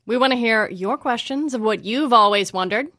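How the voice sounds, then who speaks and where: A woman hosting a radio business program, presenting in a crisp, measured way. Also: a little high, bright, forceful tone, no room sound, studio quality. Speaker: radio news host.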